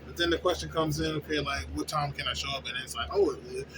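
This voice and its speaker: A young man who works at a fast-food place vents in a rambling, casual, profane way, often asking "you know what I'm saying?" His voice is on the high side with a steady tone, and vehicle sounds make the background noisy.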